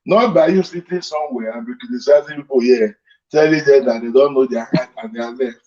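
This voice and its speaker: A Nigerian man of middle pitch insists on his view, firing rhetorical questions back at his opponent. His voice comes through dull and lo-fi. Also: brisk, a little mellow. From Midwestern Nigeria. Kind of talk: heated live debate. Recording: muffled lo-fi sound.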